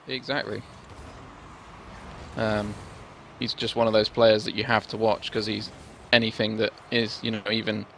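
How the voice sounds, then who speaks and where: Irish male esports caster, low gravelly voice, measured and analytical. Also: little pitch movement, fairly bright tone, slight background noise. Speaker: esports commentator. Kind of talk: casual game commentary. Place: home desk.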